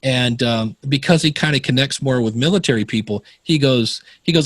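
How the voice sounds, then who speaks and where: A man talking as a guest on a podcast, spinning anecdotes and jumping into the voices of the people in them. His pitch sits in the middle, and the close mic leaves almost no room sound. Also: normal speed, hardly any pauses, no echo. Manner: animated storyteller acting out quoted voices. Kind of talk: casual storytelling interview.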